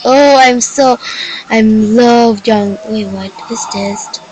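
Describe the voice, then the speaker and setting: A young woman commenting on her game with excited exclamations and slightly broken phrasing. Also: fairly high pitch, slow, soft background music, rough recording. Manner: gushing, exclaims often, slightly broken non-native phrasing. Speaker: gaming video creator.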